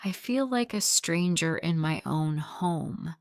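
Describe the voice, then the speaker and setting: A woman reading the lines of a stern husband in his thirties in an audio story, blunt and demanding, in a smooth, gravelly voice. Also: lowish voice, animated, takes it slowly, dry recording, studio quality.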